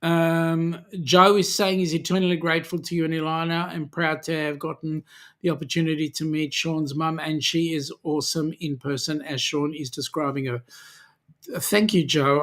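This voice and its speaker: A man's voice: a little high, little pitch movement, a bit bright. An Australian man hosting a casual livestream, reading out viewer comments and greeting each one in a friendly way, with lots of "um"s. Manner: slow, friendly, with many "um"s, greeting viewers by name. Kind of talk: casual live chat.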